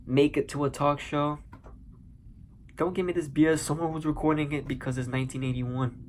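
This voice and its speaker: A man giving a casual spoiler review of a movie, animated and acting out scenes with sound effects. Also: a little high, a little hiss or hum. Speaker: movie commentator.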